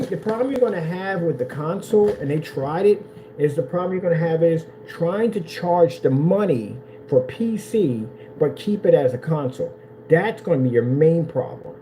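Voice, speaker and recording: A man rambles casually about a computer build in a very dark, mellow voice that swings widely in pitch. He talks with lively, animated energy over a faint hiss of background noise. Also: rough recording. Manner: animated, mocks console fans in high put-on voices. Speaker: tech vlogger.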